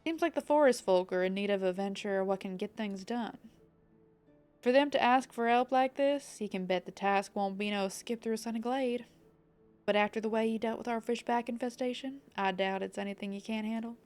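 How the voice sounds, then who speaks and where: A woman voicing a gruff male pirate-town guild master, reading game dialogue aloud with a rough drawl that slides into a southern US twang. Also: a little high, moderate pace, darkish tone, soft background music, natural voice.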